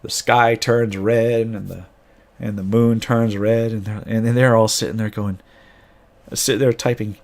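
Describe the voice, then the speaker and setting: A man's voice: fairly low pitch, level tone, measured pace. A man game master casually retelling a tabletop campaign, rambling with frequent restarts.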